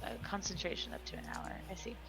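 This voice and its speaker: Bright-voiced woman player, hesitant. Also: quick pace, soft background music, poor audio. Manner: hesitant, lots of fillers, thinking aloud. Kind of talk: playing a tabletop game.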